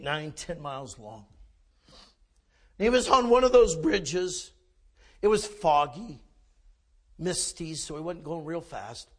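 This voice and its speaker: A male preacher telling a folksy story in a sermon, often dropping to a hush. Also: fairly high pitch. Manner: folksy storytelling, drops to hushed tones.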